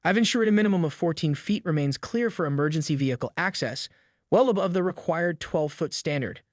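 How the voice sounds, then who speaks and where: Casting: a man as a calm, measured engineer, fairly high voice, dry sound. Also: no room sound, close to an everyday voice. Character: calm analytical engineer husband.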